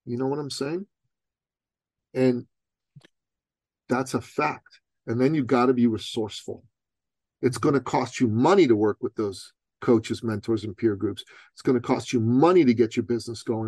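A man's voice: mid-range voice, normal speed, darkish tone, dry recording. A middle-aged man from Iran, a guest telling a motivational story in conversation, emphatic and full of rhetorical questions. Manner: streetwise, calls the host "bro".

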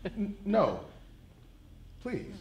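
A wheedling, evasive moderator. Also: male voice, high voice, huge pitch swings, extremely slow, darkish tone, muffled recording, heavily acted. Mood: insistent. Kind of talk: live stage play. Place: theatre stage. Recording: roomy theatre stage, faint noise.

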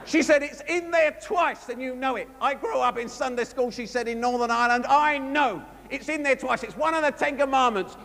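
A man preaching a sermon, telling a story with lively storytelling and acting out both sides of a conversation. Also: very high-pitched, normal speed, hardly any pauses, slight background noise. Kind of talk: sermon anecdote. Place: large conference hall. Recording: long hall reverb from a live conference.

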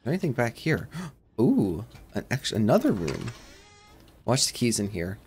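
A man of middle pitch commentates his way through a horror game. He rambles from one thought to the next and breaks into sudden shouts when something jumps out at him. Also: sing-song, measured pace, slight background noise. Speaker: gaming channel host.

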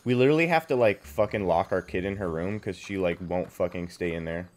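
Speaking fairly fast in a low register, this man offers loose commentary on the game he's streaming. His talk wanders, full of profanity and filler words, while game music plays faintly behind him.

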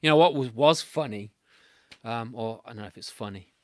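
An English podcast host with a medium-pitched voice runs a casual interview over a remote video call from home, talking briskly, chatting and laughing often as he tells stories. The recording is dry.

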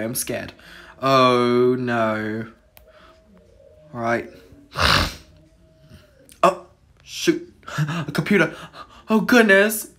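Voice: mid-range voice, fairly bright tone. A gamer giving let's-play commentary on a horror game, jittery and exclaiming in fright, dropping to whispers at tense moments.

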